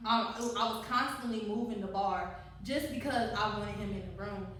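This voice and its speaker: A young adult woman telling a personal story to listeners in a candid, animated way, often laughing and talking straight to them. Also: medium pitch, normal speed, recorded from a distance. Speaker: co-host. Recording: very echoey room, away from mic.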